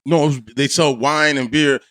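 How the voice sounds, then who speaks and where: A man hosting a podcast, chatty and quick to jump in. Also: on the high side, steady tone, a crowd in the background. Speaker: podcast host. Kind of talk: casual chat.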